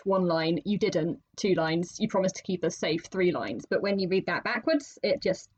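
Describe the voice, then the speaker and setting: A woman's voice: lowish voice, normal speed, hardly any pauses, slightly rough, dull audio. A woman co-hosting a writing podcast in casual chat, laughing often. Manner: laughs often, chatty and animated. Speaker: podcast co-host.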